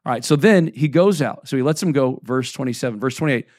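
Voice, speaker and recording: A man's voice: medium pitch, quick pace, a little mellow, dry recording, studio quality. A man in his forties preaching a sermon as a pastor, talking in a loose, conversational way, often checking in with "right?" and "okay?", and reading scripture aloud between plain asides.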